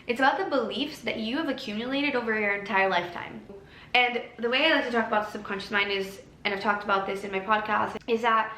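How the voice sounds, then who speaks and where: A woman giving a casual self-help talk to camera, earnest and gently encouraging. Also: mid-range voice, roomy sound, slight background noise, low-quality recording. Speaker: lifestyle creator.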